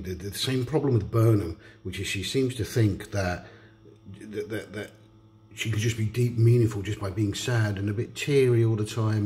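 A man with a low-pitched voice speaks as a podcast co-host in an unscripted recorded message. He is blunt and profane. He stumbles over repeated words as he piles on his criticisms. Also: a little mellow. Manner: blunt and profane, full of restarts. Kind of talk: casual recorded opinion rant.

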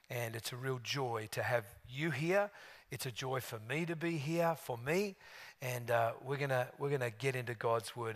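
A man preaching a sermon, a gregarious and animated storyteller. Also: medium pitch. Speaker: guest preacher.

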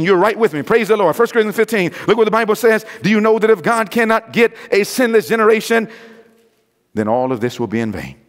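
A man preaching a sermon with a notably high voice, ringing through a church sanctuary with long reverb. He fires questions at the congregation and lets them answer, then drops into hushed asides before building back to loud exclamations. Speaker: pastor. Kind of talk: evangelistic sermon.

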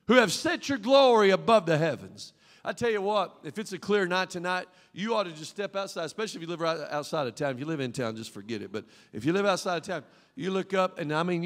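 A man preaching a sermon as pastor, fervent, with call-and-response prompts to the congregation and swings between loud exclamations and quiet asides. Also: fairly high pitch, long reverb tail. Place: church sanctuary.

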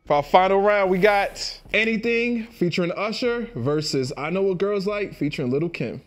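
A man hosting a casual talk show, upbeat and quick to laugh. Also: sits high. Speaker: host. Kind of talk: casual podcast chat.

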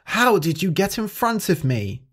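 A man voicing a boastful, fast young male rabbit in a storybook, talking cocky and impatient. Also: mid-range voice, very animated, slightly rough, pitched above the performer's own voice. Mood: upset.

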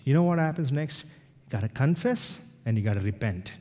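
A man from India, a pastor preaching a sermon, animated and acting out little dialogues with self-deprecating humor. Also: medium pitch, fairly quick. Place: church sanctuary. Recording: reverberant church hall.

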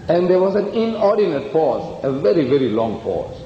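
A comparative religion lecturer tells stories emphatically in a public talk, acting out the dialogue. His voice is fairly high and sing-song, at normal speed with hardly any pauses. The dull old recording has an echoey hall sound and slight background noise.

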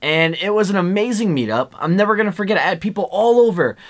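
Excited young American vlogger man. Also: sits high, fast talker. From United States. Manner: excited, chatty, lots of "like" and "dude". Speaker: exploring vlogger. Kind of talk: casual vlog talk to camera.

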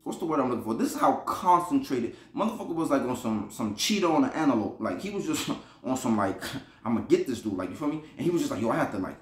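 A man's voice: mid-range voice, big pitch swings, fast talker, echoey room. A man from Buffalo, New York, casually telling a rambling, slangy prison story, repeating himself and laughing as he goes. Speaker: podcast storyteller.

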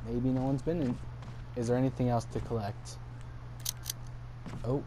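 Exasperated young man narrating gameplay, unhurried. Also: medium pitch. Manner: exasperated, swears and laughs a lot. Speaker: gameplay commentator. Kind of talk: casual let's-play commentary. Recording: steady background noise.

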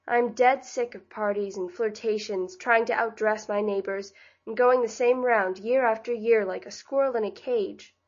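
A woman's voice: on the high side, fairly even intonation, moderate pace, muffled recording, natural voice. A woman reading the part of a bored, discontented rich young woman, with a languid, weary delivery.

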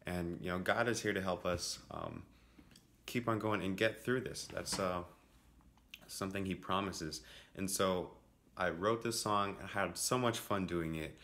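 Low-voiced man walking through his song. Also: measured pace, echoey room, a little hiss or hum. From family roots in Jamaica and Brazil. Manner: relaxed, rambling with many fillers. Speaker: musician explaining his song production. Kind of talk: casual walkthrough.

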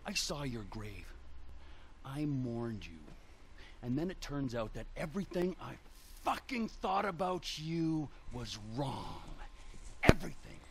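An actor playing a volatile middle-aged criminal in a game cutscene, swinging between muttering and screaming. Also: male voice, on the high side, lively intonation, takes it slowly, gravelly, slight background noise, heavily acted. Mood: bitter. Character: volatile middle-aged male career criminal, explosive temper.

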